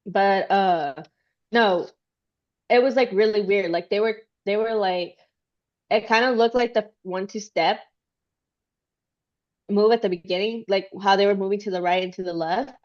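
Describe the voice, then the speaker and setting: A woman's voice: mid-range voice, moderate pace, long pauses. Giggly rambling woman, lo-fi sound. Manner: giggly, rambling with many fillers. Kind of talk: casual chat.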